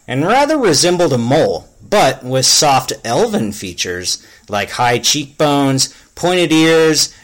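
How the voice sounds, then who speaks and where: A man reading a crude comic fantasy story aloud in a deadpan, mock-epic way. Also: mid-range voice, slow, hardly any pauses. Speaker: story reader.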